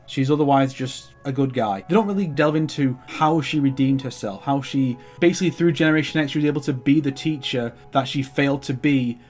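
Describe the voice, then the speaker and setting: With a medium-pitched, somewhat dark voice, a young man who vlogs about comics walks through his collection. His casual show-and-tell is enthusiastic and full of swearing, and he keeps restarting as he rambles.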